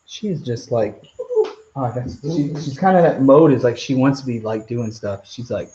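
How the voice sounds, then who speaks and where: A man's voice: medium pitch, normal speed, mellow, muffled recording. A man hosting a live stream Q&A outdoors, rambling casually as he reads out viewer comments. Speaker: channel host.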